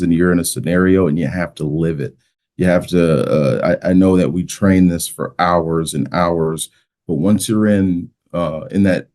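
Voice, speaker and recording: A mock trial coach with a low, mellow voice appears as a guest on a casual podcast interview. He gives earnest, practical coaching advice.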